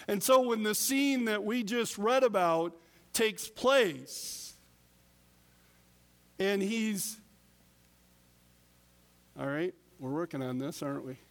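A man preaching a sermon as pastor, deliberate with emphatic pauses. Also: sits high, animated, big-room sound.

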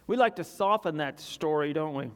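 Male preacher, earnest sermon delivery, voice sits a bit high, swings between urgency and quiet confession. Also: lively intonation, normal speed, clean tone.

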